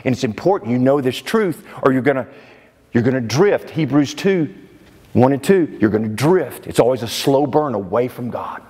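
Man, preacher, sermon, animated pitch, emphatic, echoing church hall. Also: normal speed, breathy edge. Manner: emphatic, exclaims in disbelief. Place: church sanctuary.

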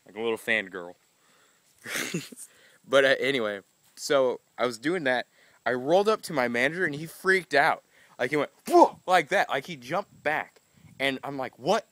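A man's voice: medium pitch, lively intonation, moderate pace, pushed and bright, no echo. Rambling young man vlogging casually. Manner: rambling, laughing, self-mocking. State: just woke up.

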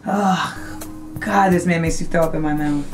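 A young adult woman hosting a web show, giving brash, profane, animated comedic commentary. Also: sits low, moderate pace, soft background music.

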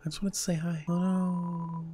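A woman voicing a shy, gloomy game ghost who mumbles quietly and apologetically. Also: on the low side, flat delivery, moderate pace, a little hiss or hum, natural voice. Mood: mopey. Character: shy, gloomy ghost, timid and self-deprecating.

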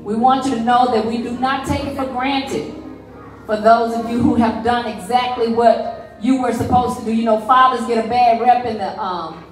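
Woman exhorting a church congregation. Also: on the high side. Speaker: service leader. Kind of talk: church announcements. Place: church sanctuary. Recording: echoey church from a distant mic.

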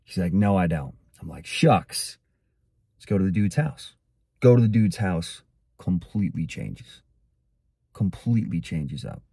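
A man's voice: low-pitched, expressive, normal speed, gravelly, mellow, breathy edge, no echo, clean studio sound. A young man delivering a blunt, slangy motivational monologue and telling a story straight to the viewer. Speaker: motivational content creator.

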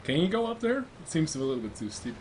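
A man playing a tank game with friends, loud and excited, laughing often and swearing freely. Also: fairly high pitch, fast talker, a little hiss or hum. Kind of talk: excited gaming voice chat.

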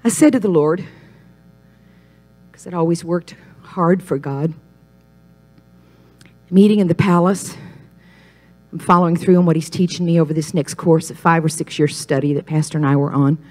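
A woman's voice: steady tone, moderate pace, long pauses. Emphatic woman preaching her testimony. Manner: emphatic, storytelling, swells louder and higher on key points. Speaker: speaker at a Christian ministry. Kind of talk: personal testimony sermon.

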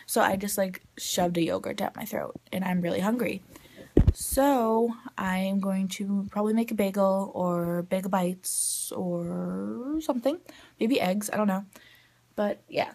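A woman's voice: medium pitch, background noise. A young woman vlogging in a chatty, rambling way, full of "like" and "um". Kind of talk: casual vlog chat.

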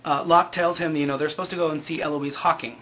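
A man's voice: fairly high pitch, steady tone, fast, a little hiss or hum. Flippant man with a lo-fi sound. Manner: flippant, sarcastic, loose "he's like" storytelling. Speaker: TV episode recapper. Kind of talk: casual recap with mocking asides.

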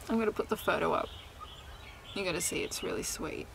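A woman's voice: mid-range voice, vocal fry, a little hiss or hum, low-quality recording. A young woman chatting candidly to camera outdoors in a vlog, laughing often and swearing casually. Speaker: vlogger and singer. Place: outdoors in sunshine.

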